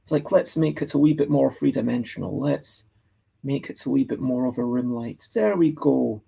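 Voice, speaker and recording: A man's voice: mid-range voice, moderate pace, vocal fry, dark tone, slightly rough. A Scottish man drawing on a livestream, chatting casually and thinking aloud as he reads and answers comments from the chat. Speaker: livestreaming artist.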